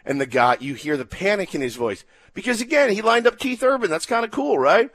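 A man's voice: high voice, brisk. A male radio host animatedly telling a funny story in casual chat, acting out quotes. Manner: excitable, acts out quotes, laughing.

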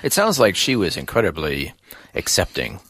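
A man interviewing a guest in conversation, gentle and attentive, affirming what he hears. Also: deep voice, wildly swooping pitch, normal speed, slightly rough, dry recording, clean studio sound.

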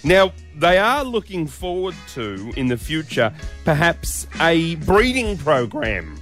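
A man's voice: fairly high pitch, very animated, takes it slowly, fairly bright tone, soft background music. A man with an Australian accent, co-hosting a breakfast radio show in casual banter, joking and teasing with mock-seriousness.

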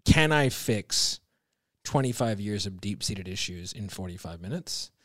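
A man's voice: fairly low pitch, expressive, a little slow, a bit bright, no echo, studio quality. A man talking sales as a podcast guest, blunt and emphatic, swearing freely and restarting his sentences often. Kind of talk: casual podcast conversation.

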